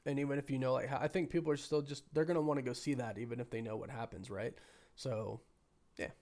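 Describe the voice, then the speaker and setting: Man, hoarse sick voice, sniffly, casual live-stream chat, rambling with restarts. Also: medium pitch, steady tone, fast talker, darkish tone. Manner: rambling, thinking aloud with many restarts. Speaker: livestream host.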